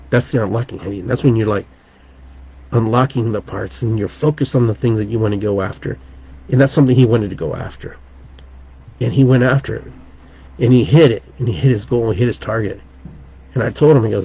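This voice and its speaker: A podcast host who also teaches shamanism tells a rambling, earnest story casually, often restarting his sentences. His medium-pitched voice is mellow, and the dull lo-fi recording has a little hiss or hum.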